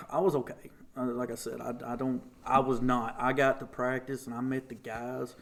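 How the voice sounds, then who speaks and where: Young man, bright voice, animated storyteller who jumps way up in pitch for quotes. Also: moderate pace. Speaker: podcast guest. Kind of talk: casual storytelling.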